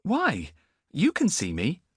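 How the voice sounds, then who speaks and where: A scared young boy, lost and pleading, his voice pushed high and thin, as a male narrator puts him on. He sounds anxious and small. The reading is dry and close with no room around it. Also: huge pitch swings, takes it slowly, husky, no echo, exaggerated voice. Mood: frightened pleading. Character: frightened feverish young boy. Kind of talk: audiobook character voice.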